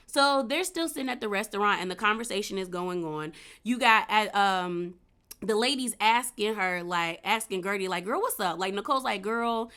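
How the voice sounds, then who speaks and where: A woman recapping a reality show in a casual, opinionated way, full of slang and asides. She speaks in with a bright, forward voice at an ordinary pitch for a woman.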